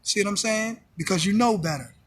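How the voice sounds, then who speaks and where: A man talking in a casual monologue, animated, full of street slang, often acting out other people's voices. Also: high voice, a little fast, breathy edge. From New York. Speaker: host. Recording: music in background.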